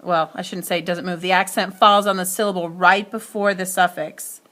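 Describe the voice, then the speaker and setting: A woman's voice: fairly low pitch, fairly even intonation, normal speed, bright, forceful tone. A woman teacher giving a spelling lesson, speaking carefully and spelling words out letter by letter.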